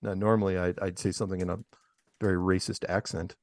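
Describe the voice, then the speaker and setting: This time the host sounds low-pitched and a little mellow, delivering flatly at a quick pace with no room sound. He reads out news for his casual talk show, mocking each item sarcastically and laughing at his own jokes.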